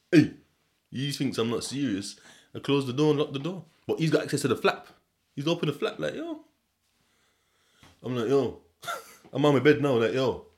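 A young man, hosting a podcast in a rambling, slangy, swear-filled chat and laughing often. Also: medium pitch. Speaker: podcast host. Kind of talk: casual solo podcast chat.

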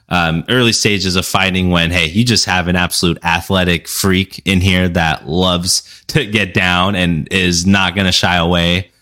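A man's voice: sits low, pushed and bright. A man co-hosting a fan awards show, talking up favourites with emphatic enthusiasm. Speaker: podcast co-host. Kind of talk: casual chat.

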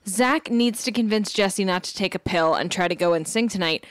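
A woman's voice: mid-range voice, a little fast, no echo, clean studio sound. A woman co-hosting a podcast, recapping a TV episode in casual chat and acting out scenes in put-on voices. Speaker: podcast co-host.

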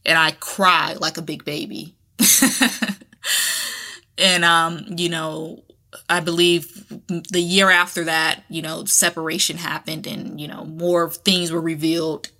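Bright-voiced woman telling her story. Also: deep voice, flat delivery, slow. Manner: candid and conversational, with colloquial phrasing and frequent restarts. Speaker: podcast host. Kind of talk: casual personal talk.

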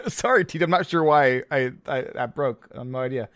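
A man's voice: mid-range voice, expressive, moderate pace, fairly bright tone, no echo. A man hosting a casual podcast about a card game who jokes around and loses his train of thought. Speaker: podcast host. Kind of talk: casual chat, running segments.

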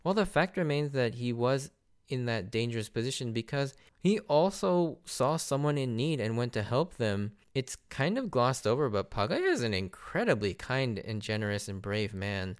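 A man giving a casual, animated recap of an anime arc, laughing often and acting out characters' lines. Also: mid-range voice, moderate pace, clear, resonant tone. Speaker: anime reviewer.

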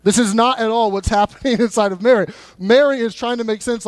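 A male pastor preaching a sermon in a church in a conversational, animated way, often repeating words as he goes. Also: extremely high pitch, fairly quick, no echo. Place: church sanctuary.

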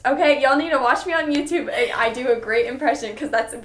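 Young woman podcaster, high voice, laughy and sweary, echoey room. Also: moderate pace, hardly any pauses. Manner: animated, laughing, swears casually. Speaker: podcast co-host. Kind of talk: casual chat.

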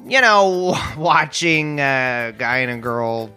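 A man's voice: medium pitch, lively intonation, slow, pushed and bright, clear, resonant tone. Man, comic podcast co-host, dry ironic storyteller, faint music under the talk. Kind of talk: casual comedic chat.

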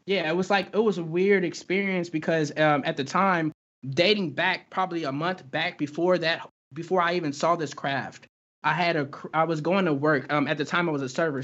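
A young man, a guest in a casual interview, recounts his own experience in halting speech full of fillers and restarts. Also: on the high side, fairly even intonation, a bit bright. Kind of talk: casual storytelling. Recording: dull lo-fi recording.

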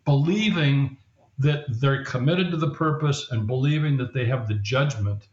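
A man's voice: medium pitch, moderate pace. A man who is a leadership coach and author, explaining his ideas as a guest in a podcast interview and sometimes acting out quoted voices. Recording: roomy, dull lo-fi sound.

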